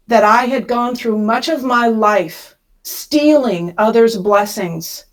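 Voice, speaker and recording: Podcast guest, woman, middle-aged, slightly high pitch, emotional storyteller. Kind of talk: storytelling interview.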